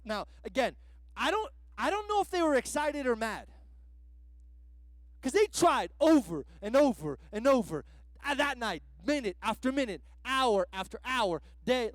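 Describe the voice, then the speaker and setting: A man's voice: very high voice, no room sound. A man preaching a sermon as a guest pastor, in a casual, slangy way that is full of "like" fillers.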